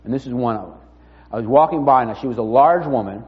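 A man preaching a sermon in a conversational, storytelling way, often dropping his voice low and quiet. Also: fast. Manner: conversational storytelling, drops to near-murmur. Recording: dull sound with long reverb in a hall.

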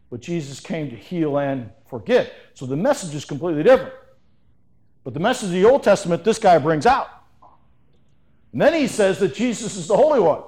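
A middle-aged male pastor gives a conversational sermon, breaking off and restarting his sentences as he goes. His voice sits fairly high for a man and swings widely in pitch. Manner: lively, conversational preaching with restarts.

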